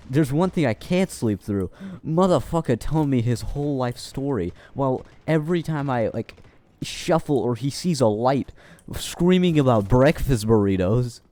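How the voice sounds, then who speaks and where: A man's voice: medium pitch, dark tone. A young man casually telling a rambling, profane story with lots of restarts, as a streamer.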